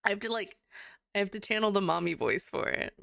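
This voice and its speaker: A young adult woman chatting casually with her live-stream viewers, giggly and animated, swearing now and then. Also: mid-range voice, quick pace, creaky, dry recording, studio quality.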